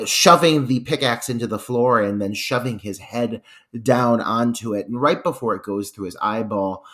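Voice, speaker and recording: A man co-hosting a podcast, casually analysing a movie, thinking aloud with many pauses and restarts. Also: mid-range voice. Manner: thoughtful, hesitant, with fillers and restarts. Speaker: podcast co-host. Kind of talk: casual film review chat.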